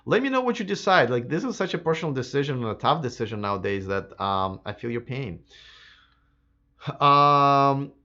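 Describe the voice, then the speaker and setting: A man hosting a live electric car stream, answering viewer comments in a casual, chatty way, slightly hoarse. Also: medium pitch, animated, normal speed, sharp tone, dull audio. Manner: casual and chatty, many fillers and restarts. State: slightly hoarse, losing his voice.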